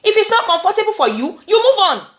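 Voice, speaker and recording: A woman from Nigeria with a Nigerian accent, talking in an animated vlog monologue and often repeating words. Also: extremely high pitch, fast, roomy sound. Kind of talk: casual monologue.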